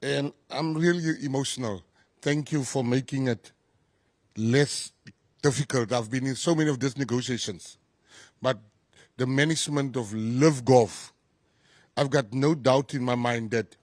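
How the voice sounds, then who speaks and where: A man's voice: mid-range voice, dry recording, clean studio sound. A South African man, a government minister, giving an effusive, emphatic press conference speech full of repeated phrases.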